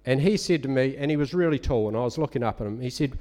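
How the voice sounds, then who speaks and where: A man giving a conversational sermon, telling a personal story in an animated, storytelling way. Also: mid-range voice, fast talker. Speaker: lay preacher.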